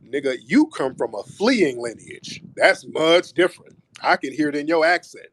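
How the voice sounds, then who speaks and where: A man hosting a heated call-in debate with a taunting, mocking way of talking. His voice sits a touch higher than most men's. He leans on "brother" again and again while he presses the caller. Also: animated, normal speed, a bit bright. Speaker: host. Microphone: online audio room.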